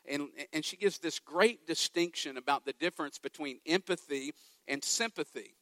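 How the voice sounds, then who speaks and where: A man's voice: fairly high pitch, normal speed, bright, forceful tone, no echo. A man preaching a sermon as pastor, emphatic, with repeated lines and rhetorical questions.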